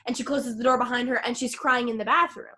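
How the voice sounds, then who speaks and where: A woman co-hosting a casual podcast, retelling a film and acting out its lines with animated swings in her voice. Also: a little high, fast talker. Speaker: podcast co-host.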